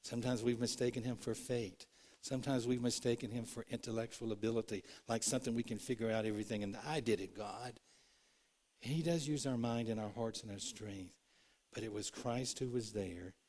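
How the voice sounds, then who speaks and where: A man preaching a sermon in a church, earnest, moving between loud and hushed, acting out the quotes he tells. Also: medium pitch, fairly even intonation, a little fast. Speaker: pastor. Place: church sanctuary.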